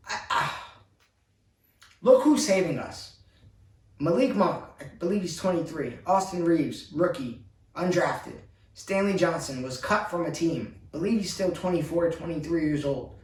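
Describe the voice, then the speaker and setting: An exasperated man rants as a frustrated basketball fan, piling up complaint after complaint. His voice sits a little high for a man. It comes from some distance off the mic, in a room with a roomy echo. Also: gravelly. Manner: exasperated, repetitive ranting.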